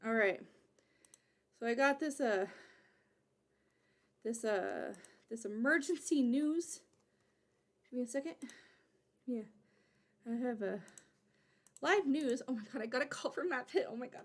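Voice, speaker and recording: A woman streamer chatting casually to her live audience, excitable and rambling, often restarting her sentences. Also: on the high side, a little slow, long pauses.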